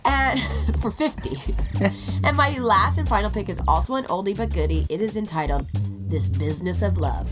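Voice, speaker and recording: A playful woman co-hosts a casual podcast, laughing easily and breaking into bits of song. Her pitch is very lively and swings up and down, and music plays clearly behind her. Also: moderate pace. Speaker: podcast co-host. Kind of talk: casual joking chat.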